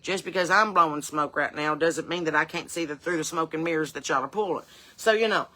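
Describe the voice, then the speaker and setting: Her voice low-pitched yet bright and forceful, a woman talks a little fast as a sassy hill-country mom in middle age who chain-smokes and speaks with a twang. The comedy monologue rambles through folksy, cheeky asides.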